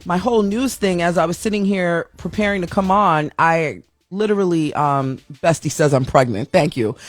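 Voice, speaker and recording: Speaking straight to her audience from a home studio, a talk show host with a lowish voice delivers a casual, chatty monologue, candid and self-deprecating, laughing easily. There's no room sound; the audio is dry and close, with faint music underneath.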